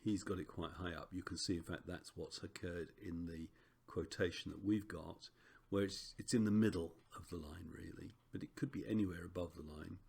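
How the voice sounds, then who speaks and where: A man teaching a recorded Greek lesson, relaxed and chatty with frequent ums and self-corrections. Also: low-pitched, normal speed, vocal fry, few pauses, a little hiss or hum.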